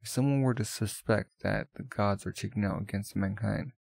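A man's voice: fairly low pitch, fairly quick, gravelly, hardly any pauses, darkish tone, breathy edge, dry recording. A man narrating a manga aloud in a plain, offhand way, with casual asides. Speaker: manga reader.

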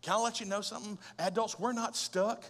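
Male pastor, high bright voice, animated conversational preaching, big reverberant hall. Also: brisk. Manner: conversational and animated, with rhetorical questions and humor. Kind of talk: sermon. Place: large church auditorium.

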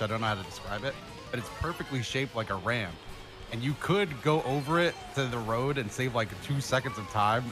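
Man, casual gaming chat, lively swooping pitch, loud excited outbursts, music playing behind. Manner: excitable, loud outbursts, swearing, animated storytelling. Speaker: gamer and podcast co-host.

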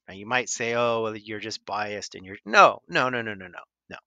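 A man's voice: mid-range voice, bright, forceful tone, dry recording. A man delivers critical video commentary in a tense, cutting voice. He argues hard, repeats himself for emphasis and talks straight at his opponent. The recording is bone dry and close to the microphone. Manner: emphatic and repetitive; argumentative, addresses opponent directly. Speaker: commentary channel host.

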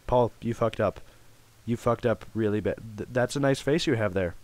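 A young man giving joking let's play commentary, swearing often and bursting into shouts. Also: fairly low pitch, normal speed, background noise. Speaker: gamer.

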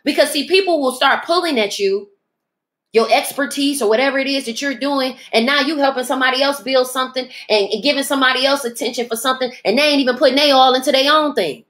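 Emphatic, bright-voiced woman podcast host. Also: sits high, fast. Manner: emphatic, preachy, speaks in dialect, mimics others in asides. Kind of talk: preachy motivational monologue.

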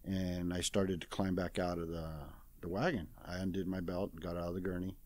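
A man's voice: sits low, little pitch movement, fairly quick, darkish tone, no room sound. A man in his sixties, a guest in an interview, retelling a story casually and plain-spoken, acting out the quoted dialogue. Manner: plain-spoken, folksy retelling full of "I says"; acts out others' lines in quoted dialogue.

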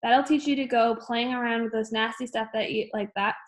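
A woman's voice: a little high, fairly even intonation, a little fast, natural voice. A woman reading aloud, voicing a bossy middle-aged mother who talks in a scolding, dismissive way.

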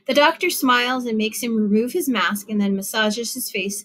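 A woman narrating a literary short story in a measured storytelling manner with lively phrasing. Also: a little high. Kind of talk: literary fiction reading.

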